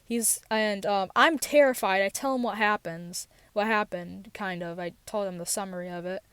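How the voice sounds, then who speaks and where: A woman's voice: medium pitch, moderate pace, fairly bright tone, clean tone, dry recording. A teenage girl telling a personal story in a rambling, casual way, with many fillers and restarts, recorded in a parked car. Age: teens. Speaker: podcast host.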